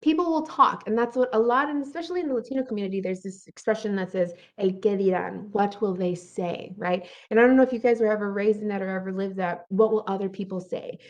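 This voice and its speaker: A woman giving an earnest motivational talk, who keeps checking in with her listeners by asking "right?" and acts out her inner thoughts in quick bright bursts. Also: medium pitch. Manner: earnest, encouraging, often asks "right?". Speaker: motivational speaker.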